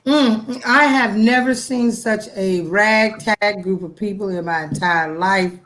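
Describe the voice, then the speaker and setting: An American woman co-hosting a casual chat, lively and slangy, reacting and telling stories. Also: medium pitch, measured pace, a little hiss or hum, poor audio. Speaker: co-host.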